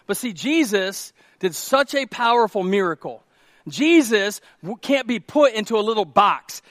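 A man preaching a sermon as pastor, swinging from loud urgent exhortation to hushed prayerful tones in a church room. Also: high-pitched, big pitch swings, measured pace, no echo.

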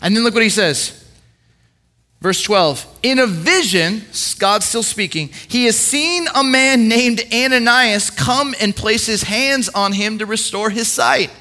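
A young man with a high, bright voice gives a sermon as a story, putting on the voices of the people in it. He often repeats his words as he goes, and his tone stays clear and ringing. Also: a little slow. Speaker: preacher.

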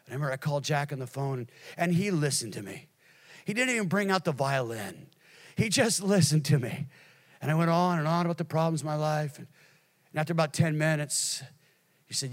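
A middle-aged man preaching a sermon as pastor, swinging from hushed, near-whispered lines to loud, emphatic preaching. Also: on the high side.

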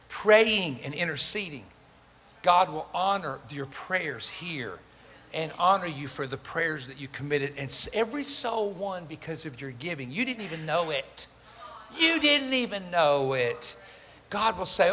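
An older man, preaching a sermon and telling stories, acting out the voices of the people in them. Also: on the high side. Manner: animated, acts out quoted voices, jokes with the congregation. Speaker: pastor. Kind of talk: sermon with storytelling. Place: church sanctuary. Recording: reverberant hall with faint ambient noise.

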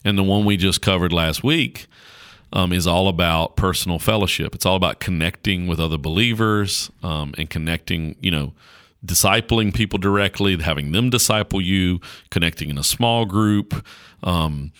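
A man's voice: sits low, normal speed, a bit bright, clear, resonant tone, dry recording, studio quality. A man with a rural North Carolina accent, a pastor talking in a casual interview in a folksy, earnest way, often restarting his sentences.

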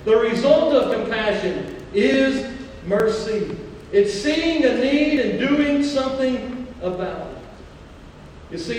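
Male pastor, sermon, high voice, slows down on key phrases, big echoing church hall, recorded from far off. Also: slight background noise. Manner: mixes scripture with personal family stories. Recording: echoey hall, mic far off.

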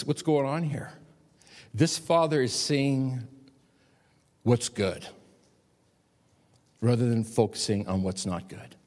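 A middle-aged man preaching a sermon in a church, emphatic and pressing his points. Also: a little mellow. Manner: emphatic, rising high when pressing a point. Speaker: pastor. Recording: long hall reverb.

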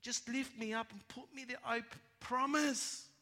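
A man voicing a sly, deceitful male snake in a sermon parable, speaking softly and slowly in a wheedling way. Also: extremely high pitch, steady tone, voice pushed up. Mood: pleading. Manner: wheedling, soft and slow. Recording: echoey hall, long reverb.

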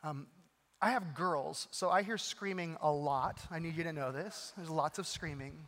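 A middle-aged man preaching a sermon, telling a family story, swinging from urgent to hushed. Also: on the high side, moderate pace, big-room sound. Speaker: pastor.

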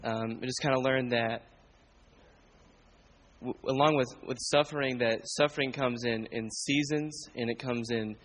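A man's voice: mid-range voice, steady tone, measured pace, low-quality recording. A young man, a student, sharing a casual, hesitant testimony in a church group. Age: young adult. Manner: hesitant, many restarts.

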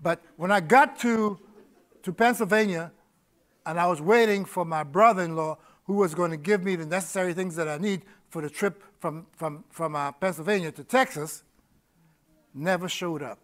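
A man's voice: high-pitched, moderate pace, a bit bright. A middle-aged man preaching a personal testimony, telling his story with laughter, repeated words and sudden bursts of energy. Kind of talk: testimony sermon.

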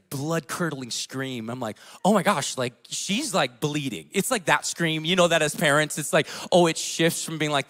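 Male pastor, thirties, high-pitched voice, casual conversational sermon that moves between quiet and loud. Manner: casual storytelling with fillers, swinging between hushed and loud.

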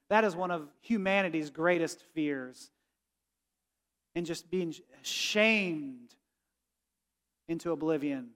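Pastor, male, high-pitched, chatty sermon delivery, long hall reverb. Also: a bit bright. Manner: conversational preaching, asks the room "right?".

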